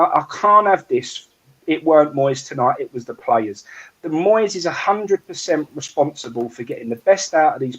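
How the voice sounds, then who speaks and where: A man's voice: a little high, slightly rough. Blunt man on dull lo-fi audio. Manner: blunt, emphatic, cutting verdicts. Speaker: fan channel co-host. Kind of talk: critical post-match fan analysis.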